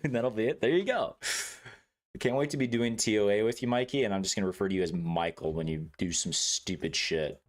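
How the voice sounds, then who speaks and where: A man's voice: lowish voice, a little fast. A man streaming a game, chatting casually with his viewers in a joking, laid-back way, swearing freely and laughing often.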